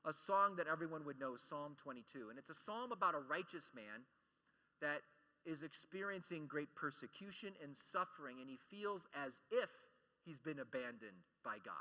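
A man giving a conference talk, animated and joking, acting out quotes as he teaches. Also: fairly high pitch, long reverb tail. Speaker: speaker at a Catholic conference.

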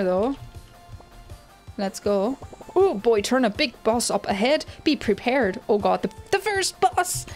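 A woman hosting a gaming channel, giving excitable let's-play commentary with lots of exclamations. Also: medium pitch. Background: game music.

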